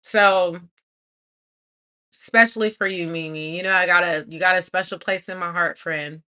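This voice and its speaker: A woman, hosting a live stream and encouraging her viewers warmly. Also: fairly low pitch, fairly even intonation, normal speed. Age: 40s. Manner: warm, encouraging, effusive. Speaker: livestream host.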